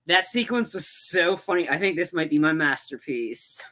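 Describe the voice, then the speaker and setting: Bright-voiced man rambling about movies. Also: a little high, expressive, moderate pace. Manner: rambling, many fillers and restarts. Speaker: podcast co-host. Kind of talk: casual movie chat.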